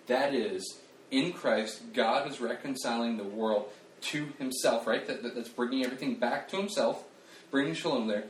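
A man preaching a casual sermon, animated and conversational, joking at his own expense and restarting his sentences often. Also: mid-range voice, normal speed, slight background noise. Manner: animated, conversational, self-deprecating, with frequent restarts and fillers. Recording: roomy, distant mic, faint ambience.

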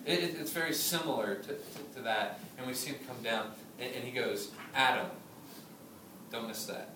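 A man in his thirties preaching a sermon, chatty and humorous, telling stories with lively asides. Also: mid-range voice, brisk, noisy background. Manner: conversational preaching, humorous asides, animated storytelling. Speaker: pastor. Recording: echoey room from a distance.

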